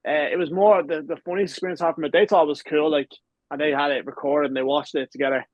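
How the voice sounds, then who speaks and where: Fast-talking young Irish man. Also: fairly high pitch, fairly even intonation, no echo, muffled recording. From Ireland. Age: 20s. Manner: rambling storyteller, swears freely. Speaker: guest, pro wrestler. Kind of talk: casual podcast chat.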